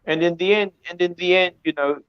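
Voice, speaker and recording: A man's voice: sits high, steady tone, fairly quick, clear, resonant tone, dry recording. A man speaking emphatically on an academic video-call panel, often repeating words as he reworks a thought. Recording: dry, slightly dull lo-fi audio.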